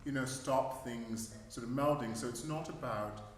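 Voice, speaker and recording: A man's voice: medium pitch, unhurried, slight background noise. Man, vocal tutor, chatty with fillers, echoey hall, distant mic. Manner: chatty, warm laughter, frequent fillers. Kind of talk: conversational Q&A at a research forum.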